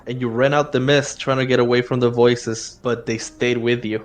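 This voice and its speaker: A man narrating a horror tabletop game as game master, casual and quick to laugh. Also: medium pitch, level tone.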